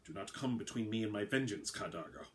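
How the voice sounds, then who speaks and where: A man's voice: fairly low pitch, animated, fast talker, fairly bright tone, a little hiss or hum. A man voicing an obsessed military captain who speaks in a cold, formal, sneering way.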